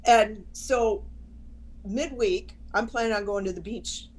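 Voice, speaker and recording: A woman's voice: medium pitch, takes it slowly, rough recording. An older woman, a chaplain and interview guest, telling a personal story with animation and frequent restarts.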